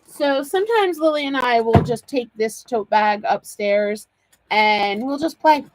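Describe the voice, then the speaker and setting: A woman's voice: fairly high pitch, lively intonation, a little slow, noisy background. A woman hosting a live card-making demo, chatty and bubbly, laughing often and greeting viewers by name.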